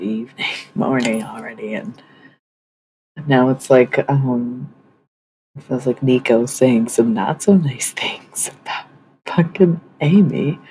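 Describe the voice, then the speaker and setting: Livestream host, mid-pitched, gravelly, rambling, profane, casual chat, faint background hum. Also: a little mellow, rough recording. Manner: rambling, profane, lots of fillers.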